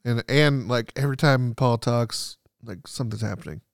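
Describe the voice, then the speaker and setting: An excitable man gushing in casual podcast chat, with a rough, gravelly edge to his voice. He keeps saying "like" and acts out the scenes he describes. The sound is dry and close, with no room around it. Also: mid-range voice, moderate pace, no room sound. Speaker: podcast co-host.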